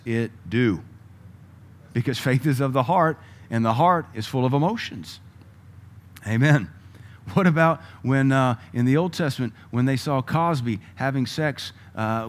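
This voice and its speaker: A man preaching a sermon, moving between loud emphatic lines and quiet asides and chuckling with the congregation. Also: mid-range voice. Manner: laughs often, conversational asides to the congregation.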